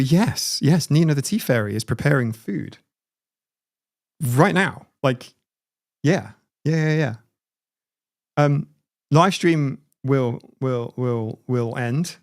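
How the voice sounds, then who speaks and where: A man chatting casually on his livestream with a gravelly, rough edge to his voice. He rambles, restarts his words and laughs often. His pitch sits in an ordinary middle range. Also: a little mellow. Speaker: livestream host.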